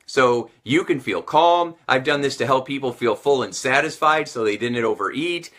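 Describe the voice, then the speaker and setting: Bright, energetic male motivational coach. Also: medium pitch, moderate pace. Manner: energetic, repeats phrases for emphasis. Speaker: sales and communication coach. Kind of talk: motivational teaching to camera.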